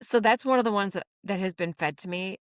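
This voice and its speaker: A woman's voice: mid-range voice, fairly quick, dry recording, studio quality. Breezy woman podcast co-host. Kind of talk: casual podcast chat.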